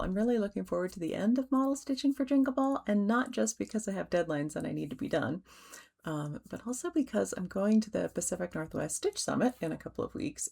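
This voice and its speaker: A middle-aged woman hosting a stitching vlog, chatting gently with soft fillers and restarts and yawning now and then. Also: fairly low pitch, vocal fry. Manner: yawns while talking. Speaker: cross-stitch designer and vlog host. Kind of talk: casual show-and-tell vlog.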